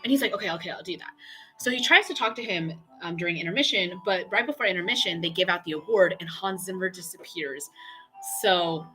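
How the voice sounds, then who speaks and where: A young woman streamer chatting away with a bright, forceful voice, full of fillers and acted-out quotes. Faint music plays underneath her casual storytelling. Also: fairly low pitch, fairly quick. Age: young adult. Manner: chatty, excitable, lots of fillers and quoted dialogue.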